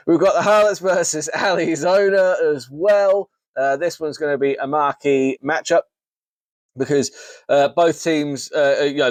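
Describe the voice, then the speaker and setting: A man hosts a fantasy league recap alone, joking and breaking into mock outrage. His voice sits a little high and swings widely in pitch. The recording is dry, with no room sound. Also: no echo. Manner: jokey, animated, with frequent restarts and mock outrage. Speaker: fantasy league podcast host. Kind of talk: casual solo recap.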